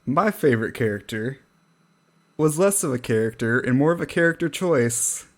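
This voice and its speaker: A man's voice: medium pitch, animated, moderate pace. A man co-hosting a podcast in casual chat, wry and self-deprecating, often trailing off into a laugh. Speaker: podcast co-host.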